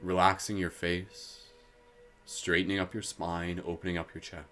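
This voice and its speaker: A man hosting a live guided meditation, slow and soothing when guiding, giggly and playful between exercises. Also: sits low, little pitch movement, a bit bright, faint music behind. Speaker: meditation host.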